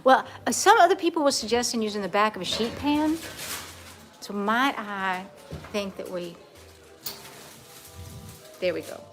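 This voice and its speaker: A woman's voice: mid-range voice, expressive, unhurried, pauses often, music in the background. A woman co-hosting a playful live cooking chat in a home kitchen, teasing and mock-genteel in a put-on Southern drawl. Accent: put-on Southern American drawl. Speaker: co-host.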